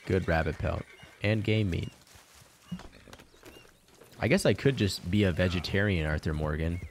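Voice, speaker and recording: A man with a very low voice keeps up a relaxed running commentary while he plays a video game. He swears freely and laughs easily, talking to himself and to his viewers as he goes. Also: unhurried, a little hiss or hum. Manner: laid-back, swears constantly, chuckles between remarks. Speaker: game streamer. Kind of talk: casual let's-play commentary.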